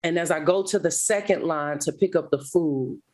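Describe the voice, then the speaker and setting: Woman guest telling her life story, lively and dramatic, middle-aged. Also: low voice, moderate pace. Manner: animated, dramatic retelling with laughter. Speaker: guest speaker. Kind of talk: storytelling testimony.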